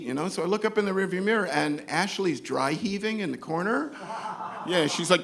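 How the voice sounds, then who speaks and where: Animated storyteller man, gravelly voice. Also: sits high, brisk. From New York. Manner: animated, acts out other characters' voices. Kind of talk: live comedic storytelling.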